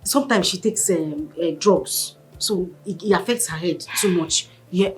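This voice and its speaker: An actress with a Nigerian accent playing a wronged wife who mixes English and Pidgin in a Nollywood film. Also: female voice, fairly low pitch, measured pace, over loud music, close to an everyday voice, rough recording. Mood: defensive. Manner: mixes English and Pidgin, stammers when cornered. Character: wronged wife, fiery when provoked.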